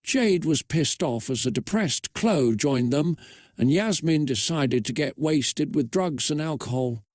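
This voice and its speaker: A man reads absurd fan fiction aloud in a steady, matter-of-fact narrating voice that sits slightly high for a man. The recording is dry and close, with no room sound around it. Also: a little slow, dry recording. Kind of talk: comedic reading of AI fan fiction.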